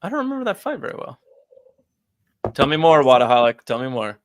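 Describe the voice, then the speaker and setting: A man co-hosting a casual podcast, animated and quick to laugh, swearing freely as he talks. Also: medium pitch, slight background noise. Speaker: podcast co-host. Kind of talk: casual chat.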